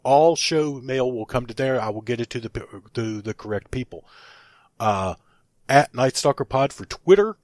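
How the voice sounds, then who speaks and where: A man's voice: medium pitch, expressive, normal speed, darkish tone, no room sound, studio quality. A man hosting a paranormal podcast, rattling off plugs in a rambling, self-correcting way until he runs out of breath. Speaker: podcast host.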